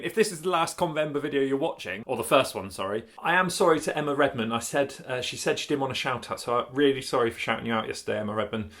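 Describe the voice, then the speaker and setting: In a casual chat, a cycling vlogger rambles, laughs often and corrects himself as he goes. He's a man with a medium-pitched voice and a fairly bright tone.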